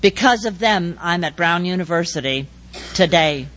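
An older woman giving a speech, telling a personal story and acting out the dialogue in a measured way. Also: on the low side, animated, a bit bright, rough recording. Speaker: speaker.

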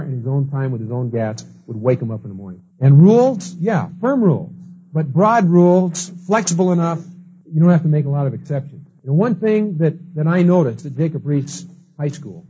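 Husky, mellow-toned man teaching a class in a lively storytelling way, dull lo-fi tape. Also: a little high. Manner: storytelling, acts out quoted people. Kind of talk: lecture with anecdotes. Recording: dull lo-fi recording.

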